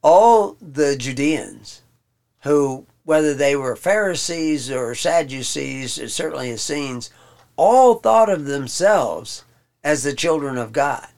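A man giving an informal Bible study lesson. He pauses often, restarts his sentences and explains the text word by word. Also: a little high, animated, creaky, a little mellow. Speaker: Bible teacher.

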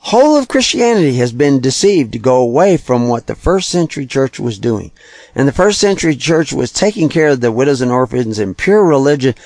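A man's voice: medium pitch, a little mellow, no room sound. Emphatic male preacher, dry sound. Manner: emphatic, repeats key phrases. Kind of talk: sermon-style teaching.

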